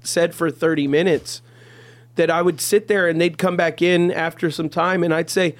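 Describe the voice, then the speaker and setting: A male pastor talking through stories on a podcast, earnest and loose, his words sprinkled with "you know". His voice sits a little higher than most men's. The sound is close and dry, with no room around it. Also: steady tone, moderate pace, no room sound. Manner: earnest storytelling, heavy on "you know" fillers. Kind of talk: casual podcast conversation.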